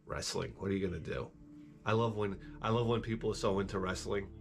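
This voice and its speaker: Middle-aged guy rambling while he games, low voice, cussing and cracking jokes. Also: fairly even intonation, a little fast, gravelly, soft background music. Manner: rambling, profane, wisecracking. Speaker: gameplay streamer. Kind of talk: casual chat while gaming.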